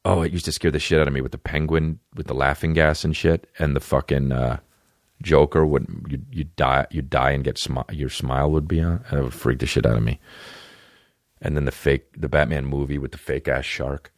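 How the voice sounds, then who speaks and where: Deep-voiced, profane male podcast host. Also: steady tone, moderate pace, no echo, clean studio sound. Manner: profane, rambling, jumps into goofy voices. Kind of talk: casual comedic chat.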